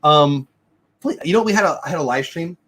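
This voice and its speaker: A man's voice: on the high side, expressive, brisk, a bit bright, breathy edge. A man hosting a casual livestream from home, chatting enthusiastically and answering viewer comments. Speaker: livestream host. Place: home room. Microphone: desk mic.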